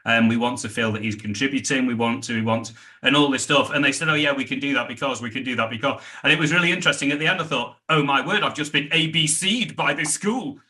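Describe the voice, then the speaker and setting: A middle-aged British man, a sales trainer, telling animated stories in a podcast interview and acting out the dialogue. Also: medium pitch, fast, hardly any pauses. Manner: animated anecdotes, acts out quoted dialogue.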